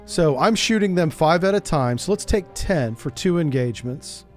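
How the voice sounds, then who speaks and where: Soft background music plays as a man streams a game, talking at a normal pace and cracking jokes while he reasons aloud. His voice sits fairly high and moves up and down energetically.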